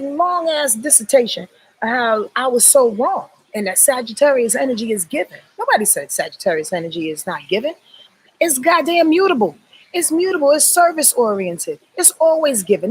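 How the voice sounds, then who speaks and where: A woman's voice: high-pitched, sing-song, moderate pace, slightly rough, poor audio. A woman astrologer hosting a casual livestream, talking in an emphatic, profane, preachy way. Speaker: astrologer and YouTube host.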